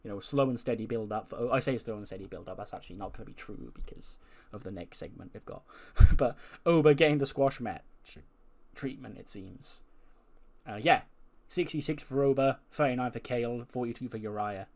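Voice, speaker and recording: A man narrates his wrestling management game in a chatty, casual way. His voice sits at an ordinary male pitch. He walks through each scene as if telling a friend. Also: a little fast, darkish tone. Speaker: let's play narrator.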